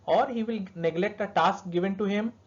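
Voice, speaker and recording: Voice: medium pitch, normal speed. A lecturer in pediatric dentistry giving a recorded lesson to students, explaining step by step and checking in with "all right" and "okay". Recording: dull lo-fi recording.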